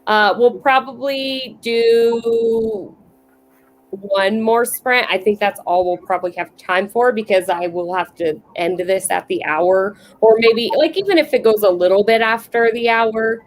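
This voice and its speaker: A woman's voice: on the high side, animated, unhurried, slight background noise, rough recording. Chatty woman hosting a book club call. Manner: chatty, hesitant, many likes and restarts. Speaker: book club livestream host. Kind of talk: casual video-call chat.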